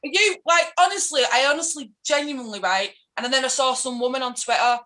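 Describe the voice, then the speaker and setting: Mancunian woman activist, fiery and chatty, slightly high-pitched. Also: pushed and bright, low-quality recording. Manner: passionate, ranting, quick to mimic others. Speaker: activist guest. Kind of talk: casual political interview.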